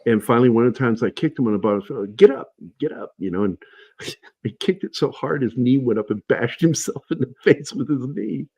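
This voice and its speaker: Husky-voiced man telling stories. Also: medium pitch, fairly quick, no room sound. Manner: animated anecdotes, shouting in quoted lines. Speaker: guest. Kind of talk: casual storytelling on a livestream.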